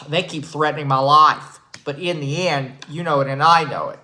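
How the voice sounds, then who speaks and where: A man doing a comedic impression of an older male sports debate pundit, brash and contrarian, talking slowly with heavy sighs. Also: a little high, fairly even intonation, bright, forceful tone, low-quality recording. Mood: boastful. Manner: slow, drawn-out delivery with heavy sighs and dramatic pauses.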